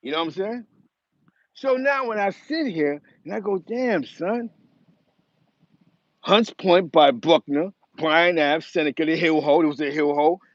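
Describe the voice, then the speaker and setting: A man's voice: fairly high pitch, normal speed, dry recording. Rambling New man, muffled dry sound. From the Bronx, New York. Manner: rambling and emphatic, with many restarts and asides. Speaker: host. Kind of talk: casual commentary monologue.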